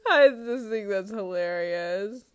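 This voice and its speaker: A woman's voice: mid-range voice, slow pace, clear, resonant tone. A young woman hosting a podcast, reading funny stories aloud and chatting about them with a giggly manner and lots of filler words. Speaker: podcast host.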